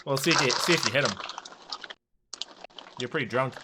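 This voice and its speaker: A man narrating a tabletop game as game master, animated and laughing often, with a rambling, filler-heavy delivery. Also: mid-range voice, moderate pace, very noisy.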